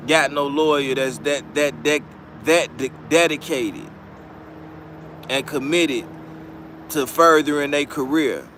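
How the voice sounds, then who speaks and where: A man riffing loosely on a live stream with blunt, profane street talk. He stumbles and restarts as he goes. His voice sits a little high for a man, with a faint hum behind it. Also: a bit bright. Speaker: commentary channel host. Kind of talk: casual commentary on a live stream.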